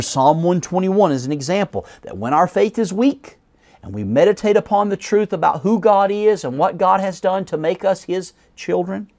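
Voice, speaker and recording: A man preaching a sermon, reading scripture aloud and explaining it, slowing and dropping his voice at the ends of phrases, sometimes correcting himself. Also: a little high, a little mellow. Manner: self-corrects mid-sentence.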